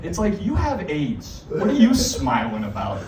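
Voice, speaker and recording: A man's voice: fairly high pitch, huge pitch swings, a little slow, darkish tone, a little hiss or hum. A young man from Massachusetts doing a stand-up set in a small bar, crude and rambling, with many fillers. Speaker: stand-up comic. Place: small bar comedy stage. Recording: echoey bar from a distant mic.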